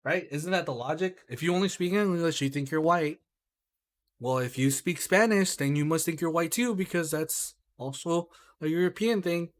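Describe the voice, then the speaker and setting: A man with a higher voice and moderate pace co-hosts a casual podcast chat, growing heated and animated. He swears and keeps repeating "right?" along with "bro."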